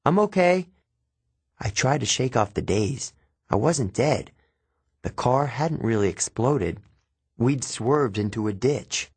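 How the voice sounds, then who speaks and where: A man reading first-person fiction as an audiobook narrator, plain and steady. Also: medium pitch, breathy edge, dry recording.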